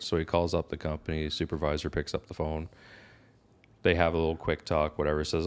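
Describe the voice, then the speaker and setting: A man in his thirties with a Newfoundland accent, a podcast guest telling a joke and chatting in a relaxed, storytelling way. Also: deep voice, normal speed, pauses often. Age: 30s. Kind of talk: casual chat.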